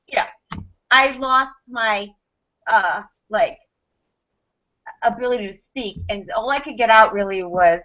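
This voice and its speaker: A woman in her thirties on a podcast panel, telling a personal story in quick, animated bursts with restarts and laughs. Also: on the high side. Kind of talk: casual storytelling chat. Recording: dull lo-fi podcast audio.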